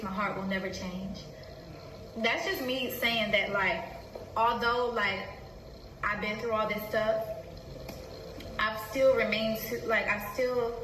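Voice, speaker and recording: A young woman talking about herself in a halting, hesitant way, with many fillers, close to tears. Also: mid-range voice, steady tone, far from the mic, slight background noise. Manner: halting, full of fillers, soft-spoken. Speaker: vlogger. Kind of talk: emotional personal confession. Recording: echoey room, from the mic.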